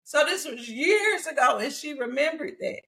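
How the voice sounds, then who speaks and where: A woman, hosting a casual faith conversation and telling stories with animated delivery and frequent laughter. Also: sits high, moderate pace. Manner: animated storytelling, laughing often. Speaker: podcast host.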